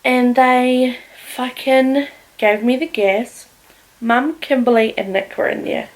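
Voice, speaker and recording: A woman's voice: fairly high pitch, slow, low-quality recording. A woman vlogger, candidly telling a personal story in casual talk, swearing often. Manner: candid, heavy swearing, animated retelling.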